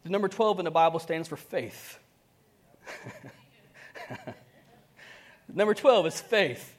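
A pastor with a voice on the high side preaches slowly but with animation, keeping things conversational. He acts out dialogue, shifts suddenly between quiet and loud, and chuckles often before the congregation.

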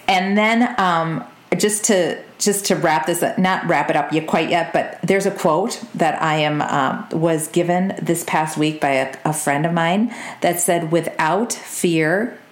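A lower-pitched woman talks straight to her listeners as a business coach, energetic and direct. She keeps checking in with them as she goes, and her voice rings in an echoey room. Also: slow. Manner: energetic, direct, says "y'all" and "okay?" often. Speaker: business coach and podcast host. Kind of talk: motivational podcast talk.

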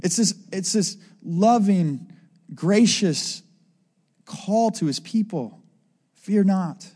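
A man's voice: sits high, lively intonation, takes it slowly, a little mellow, breathy edge. A man giving a conversational sermon, often asking his listeners "right?" as he teaches. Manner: conversational preaching, asks the crowd "right?" often. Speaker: preacher.

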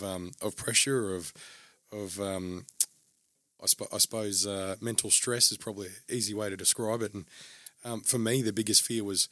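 A man talking openly in a casual chat, pausing often and restarting his sentences. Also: on the low side, fairly bright tone, no echo. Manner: halting, many restarts and fillers. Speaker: guest.

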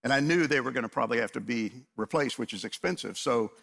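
A man's voice: mid-range voice, fast talker, gravelly, fairly bright tone. A man in his fifties, a pastor preaching a sermon, earnest and asking the congregation rhetorical questions.

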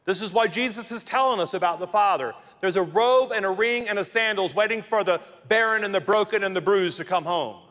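A man preaching a sermon as pastor, emphatic, with dramatic pauses and acted-out quotes. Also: sits high, a bit bright, long reverb tail.

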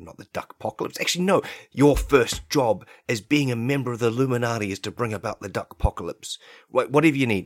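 A man's voice: mid-range voice, dry recording. A man hosting a podcast, delivering a rambling comedic monologue in a mock-conspiratorial tone on a close microphone. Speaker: podcast host.

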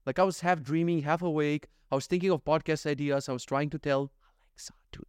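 Man, solo podcast host, slightly higher voice, jokey rambling delivery full of swearing, dry close-miked sound. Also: fairly even intonation, fast talker, darkish tone, smooth, no echo. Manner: rambling, jokey, swears freely, acts out little scenes. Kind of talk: casual solo podcast monologue.

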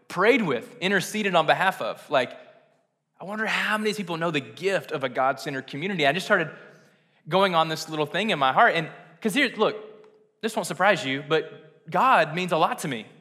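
A male pastor preaches in a loose, conversational way, packing his story with fillers and heartfelt asides. His voice is bright and forward, and it rings out with a long reverb in a large hall. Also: on the high side. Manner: casual, earnest storytelling with many fillers. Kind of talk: sermon.

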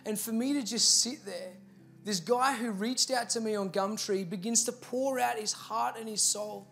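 A man's voice: high voice, normal speed, creaky, a bit bright, soft background music. A man with an Australian accent, a pastor telling a personal story in a sermon and building to earnest, emphatic appeals. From Victoria, Australia.

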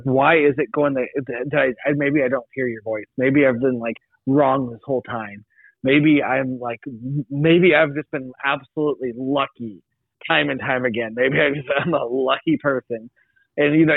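A young man tells a church story on a podcast, circling back with likes and restarts. His voice sits mid-pitch. The sound is dry and squeezed thin, like a phone line. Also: no echo. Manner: rambling, many restarts and likes. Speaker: podcast guest. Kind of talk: casual testimony.

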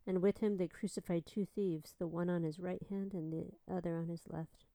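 A woman reading scripture aloud in a calm, unhurried voice. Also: lowish voice, no echo, poor audio. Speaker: scripture reader.

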